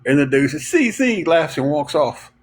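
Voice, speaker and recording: A man's voice: medium pitch, flat delivery, moderate pace, darkish tone, rough recording. A man, hosting a livestream and telling rambling stories to viewers, full of fillers and chuckles. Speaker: livestream host. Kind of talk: casual storytelling to viewers.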